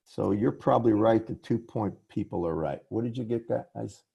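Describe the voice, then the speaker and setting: Gravelly low-voiced professor, apologetic. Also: male voice, normal speed, mellow, highs cut off. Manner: apologetic, restarts and self-corrections. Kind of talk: lecture over a video call. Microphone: computer mic on a video call.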